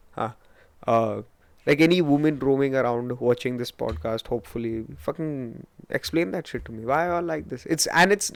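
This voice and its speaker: A man's voice: a little high, no room sound. A young man in his twenties with an Indian English accent, hosting a casual solo podcast and telling stories in a rambling, profane, self-mocking way, with Hindi words mixed in. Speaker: podcast host.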